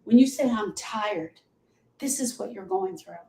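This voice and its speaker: A woman's voice: a little high, brisk, dark tone, echoey room, low-quality recording. A woman grief coach teaching on a live show, emphatic and repetitive, speaking straight to her listeners.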